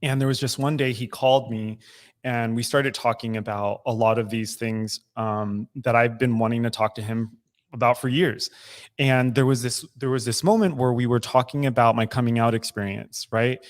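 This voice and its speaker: A man's voice: medium pitch, fairly even intonation, moderate pace. A man in his thirties co-hosting a recovery podcast, speaking candidly and emotionally with frequent restarts. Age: 30s. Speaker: podcast co-host. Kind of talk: casual recovery podcast talk. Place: recovery club room.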